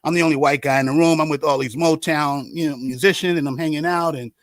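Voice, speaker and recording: Animated storytelling man, dry close sound. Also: a little high, quick pace, no echo. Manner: animated storyteller acting out quotes, trails into hushed tones. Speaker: guest, artist manager and concert promoter. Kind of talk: casual storytelling chat.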